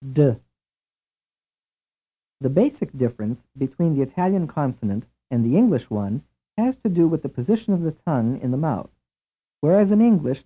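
A man giving a scripted language lesson in a measured, clear, deliberate drill delivery. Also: fairly high pitch. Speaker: language instructor. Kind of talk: scripted instructional narration. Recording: tinny, lo-fi old tape recording.

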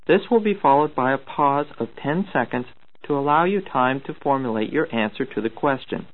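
A man reading scripted instructions for a language course in a measured, formal way. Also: medium pitch, lively intonation. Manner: measured, formal, announcing cues. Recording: tinny narrow-band tape recording.

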